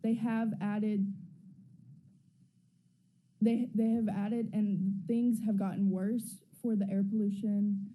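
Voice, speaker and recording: Slow, halting teenage girl presenter. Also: mid-range voice, little pitch movement, dark tone, poor audio. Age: teens. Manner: hesitant, halting, stumbling. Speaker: student presenter. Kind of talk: student presentation.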